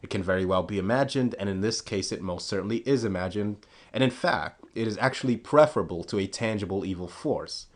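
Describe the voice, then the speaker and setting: A man with a fairly low voice delivers a scripted commentary monologue. His tone is sarcastic and scornful throughout. He leans hard on key words with rising emphasis. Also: a little fast. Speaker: political commentary vlogger.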